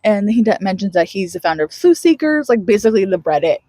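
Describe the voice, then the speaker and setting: Lively, breathy woman retelling a story. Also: medium pitch, fast, no room sound. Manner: animated storyteller who laughs often and acts out quotes. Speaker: podcast co-host. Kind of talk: casual book recap chat.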